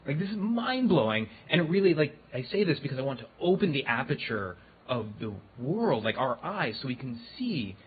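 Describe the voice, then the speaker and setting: A man's voice: medium pitch, sing-song, moderate pace, hardly any pauses, slightly rough. A man speaking casually to a live audience, loose and chatty with many fillers. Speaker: guest speaker on AI and animal communication. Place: event hall before an audience. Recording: tinny phone-like recording with faint noise.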